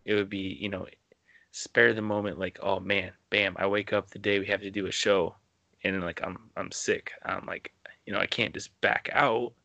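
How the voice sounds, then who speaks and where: A man hosting a podcast in a relaxed, loose way, padding his talk with fillers and "you know". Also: sits low, normal speed, gravelly, no echo. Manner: laid-back, filler-heavy with lots of "you know". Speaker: podcast host. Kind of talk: casual interview chat.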